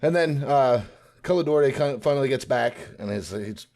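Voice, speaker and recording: A man chatting on a podcast, animatedly retelling scenes and slipping into quick character voices. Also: medium pitch, animated, creaky, darkish tone. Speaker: podcast co-host. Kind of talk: casual podcast discussion.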